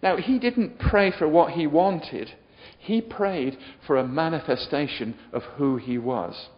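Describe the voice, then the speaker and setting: High-voiced preacher, dull lo-fi sound. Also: male voice, a little slow. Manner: builds from quiet storytelling to loud shouted exhortation. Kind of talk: sermon.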